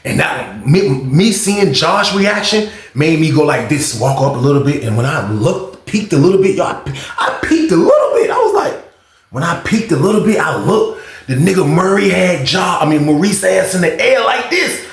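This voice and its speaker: A man telling a story, lively, acting out quotes with sudden shouts. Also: on the high side, moderate pace, gravelly. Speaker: storytime host. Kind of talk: animated storytelling. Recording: echoey room.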